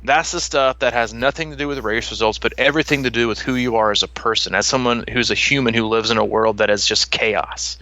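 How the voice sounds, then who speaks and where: A man's voice: medium pitch, steady tone, brisk, few pauses, bright, forceful tone, dry recording, lo-fi sound. A man in his thirties hosting a podcast, chatting casually with lots of fillers and laughter. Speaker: podcast host. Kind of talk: casual chat.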